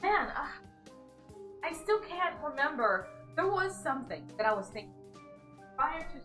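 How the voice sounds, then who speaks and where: A woman's voice: high-pitched, sing-song, unhurried, pushed and bright, soft background music. A woman from the United States chatting casually while gaming on stream, giggling often and rambling through lots of filler words.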